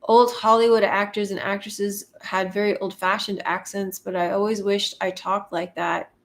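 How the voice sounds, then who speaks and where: A woman from Canada hosting a casual live chat, reading viewer comments aloud and musing on them, laughing often and pausing with fillers. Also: mid-range voice, little pitch movement.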